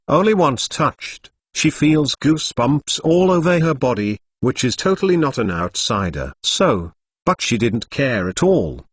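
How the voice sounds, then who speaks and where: A text-to-speech male voice narrating a translated novel in an even, machine-read delivery. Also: medium pitch, slightly rough, dry recording. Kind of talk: synthetic story narration.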